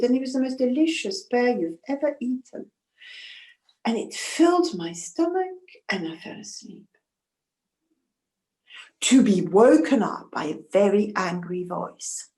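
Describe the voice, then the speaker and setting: A woman's voice: a little high, very animated, a little slow, a little mellow, roomy sound. A woman storyteller telling a folktale in the first person, intimate and emotional, with asides to her listeners.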